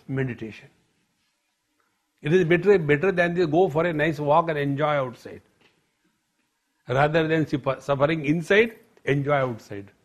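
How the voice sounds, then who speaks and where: A man's voice: fairly high pitch, breathy edge. A man giving a spiritual discourse as a teacher, telling stories in a playful way and often addressing the audience as friends.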